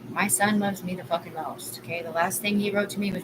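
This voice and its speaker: A woman's voice: lowish voice, steady tone, a little fast. Agitated, swearing woman on a live stream. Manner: agitated, profane, rambling. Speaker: livestream host. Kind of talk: rambling live-stream monologue. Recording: clear background ambience noise.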